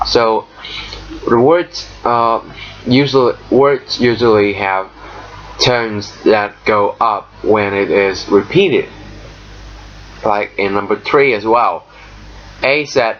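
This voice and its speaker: A man teaching an English lesson, explaining step by step with frequent pauses and fillers. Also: fairly low pitch, fairly even intonation. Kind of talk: recorded lesson walkthrough. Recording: dull lo-fi recording, faint noise.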